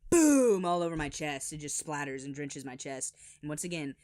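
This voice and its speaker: A man telling funny childhood stories in an animated, exaggerated voice-over. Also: a little high, brisk, dry recording, studio quality. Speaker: storyteller. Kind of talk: animated comedic storytelling.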